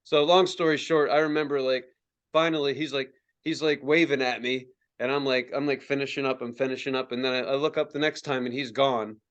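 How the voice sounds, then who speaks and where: A young adult man, a podcast co-host, telling a story in casual chat, swearing freely and acting out quotes in high yelps. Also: fairly quick. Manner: profane, animated, acts out quotes in high yelps.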